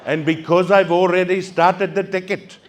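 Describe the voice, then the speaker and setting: A man's voice: sits high, little pitch movement, moderate pace, slight background noise, pitched above the performer's own voice, natural voice. A man voicing a prim, rule-bound male parking warden who speaks in a stiff, overly formal and polite way.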